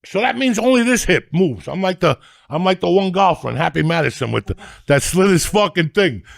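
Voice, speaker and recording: Gravelly foul-mouthed man ranting. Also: sits high, expressive, fast, no echo, studio quality. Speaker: podcast guest. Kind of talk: profane comic storytelling.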